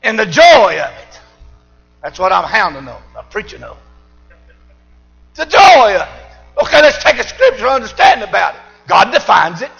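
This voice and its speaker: An older preacher man with a very high, bright, gravelly voice, preaching a fiery church sermon. He shouts and whoops with exuberance, and his pitch swings widely. Soft music plays behind him. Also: very animated, a little fast, muffled recording. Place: church service.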